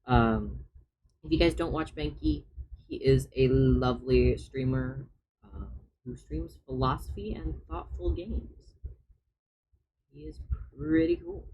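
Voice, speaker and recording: A man streaming live as he draws, talking in a slow, unhurried way. His chat is casual and drifts into quiet muttering as he works through each step, with a faint hum of room sound behind him. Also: mid-range voice, low-quality recording. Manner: chatty, mutters steps to himself as he works.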